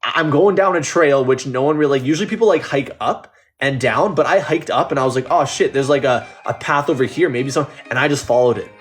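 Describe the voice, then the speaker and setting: A Canadian man with a Canadian accent talks loosely to his viewers, swearing freely and starting sentences over. His voice sits at an ordinary middle pitch, and faint music plays behind him. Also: a little fast, few pauses. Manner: loose, profane, rambling with many restarts. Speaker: livestreamer reading chat. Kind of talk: casual live-stream chat.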